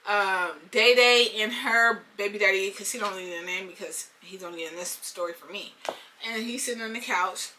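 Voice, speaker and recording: A young woman telling a storytime vlog in an animated, slangy way, talking straight to her viewers. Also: mid-range voice, moderate pace, slight background noise. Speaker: storytime vlogger.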